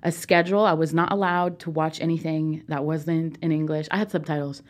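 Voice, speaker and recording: A woman's voice: low voice, steady tone, brisk. A young woman from Peru, a native Spanish speaker, telling her story as a guest in a casual interview, chatty and full of fillers.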